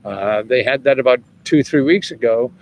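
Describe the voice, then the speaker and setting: Here a man in his seventies hosts a relaxed livestream about government money, rambling as he answers viewer questions, laughing often and cursing freely. His voice is mid-range and darkish at a normal speed, with a little hiss or hum in the background.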